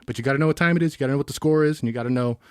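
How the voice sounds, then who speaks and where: A man chatting casually on a podcast, telling stories and jokes in a quick, playful way. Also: mid-range voice, clean tone, no room sound, clean studio sound. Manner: fast-talking, joking storyteller. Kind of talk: casual chat.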